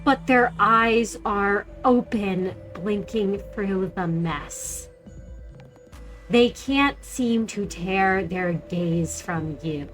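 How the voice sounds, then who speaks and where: Slow-narrating woman game master. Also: mid-range voice, soft background music. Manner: descriptive, measured narration.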